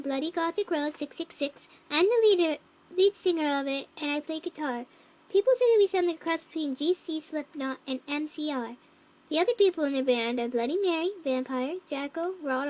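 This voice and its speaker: A woman voicing a young cat-girl troll who reads a fanfic aloud, with flat narration, mocking asides and yelled quotes. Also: high voice, brisk, natural voice. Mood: deadpan reading. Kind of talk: fan reading of a story.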